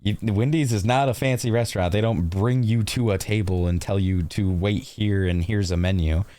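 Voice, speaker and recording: A man's voice: on the low side, normal speed, mellow. A man streaming a reaction to a video, making blunt, sarcastic and profane remarks in casual commentary.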